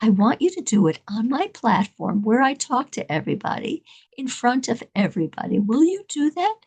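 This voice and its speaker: A woman telling of a feared old guru, hushed. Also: fairly high pitch, big pitch swings, normal speed, husky, heavily acted. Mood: requesting. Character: stern, feared older male guru, quietly moved.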